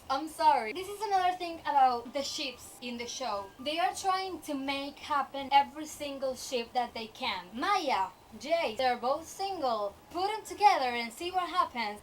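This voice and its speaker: A young woman vlogger in a casual, animated rant about a TV show, exasperated and often laughing. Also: sits high, recorded from a distance, a little hiss or hum, rough recording.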